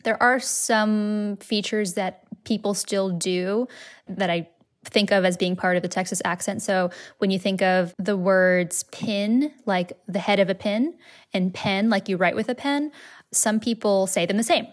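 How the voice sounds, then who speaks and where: A woman interviewed as a linguist talks through her points in a chatty, casual way, sprinkling in "like" as she goes. Her voice sits at a middle pitch for a woman. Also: a little slow. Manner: chatty, many "like" fillers.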